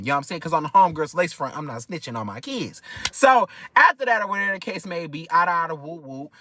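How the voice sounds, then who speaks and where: A young man from Detroit with a Detroit accent, telling a personal story in an animated, profane way with many filler phrases. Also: high voice, fairly quick, hardly any pauses, no echo. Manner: animated, profane, keeps repeating "whatever the case may be". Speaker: vlogger. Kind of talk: casual storytime.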